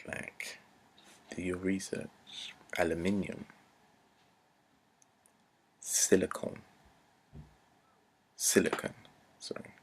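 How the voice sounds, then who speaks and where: A man's voice: deep voice, moderate pace, gravelly, slightly rough. A man, ranting earnestly to camera, repeating himself and dropping to a near-whisper at times. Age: 20s. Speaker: vlogger. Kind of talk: unscripted rant to camera.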